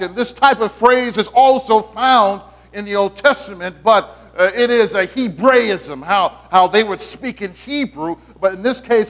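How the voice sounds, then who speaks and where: A male pastor preaches to his congregation in a conversational style, full of playful asides and frequent restarts. His voice sits high.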